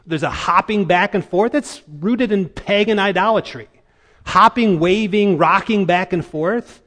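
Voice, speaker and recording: A man with a high voice preaches a sermon in a church sanctuary, and his words trail off into a long reverb. He tells the story dramatically, leaning on pauses for emphasis. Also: fairly bright tone. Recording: reverberant hall.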